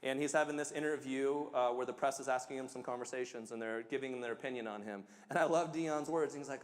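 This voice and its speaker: A man's voice: medium pitch, fairly even intonation, quick pace, hardly any pauses, big-room sound. A man, a pastor, giving a sermon in a conversational, emphatic way, joking about himself. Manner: emphatic, conversational preaching with self-deprecating humor.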